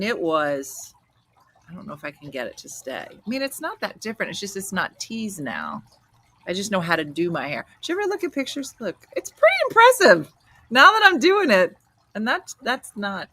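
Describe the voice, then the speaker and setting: A woman in her fifties with a New Jersey accent, hosting a casual chat show and telling stories in a loud, animated way. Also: mid-range voice. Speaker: host.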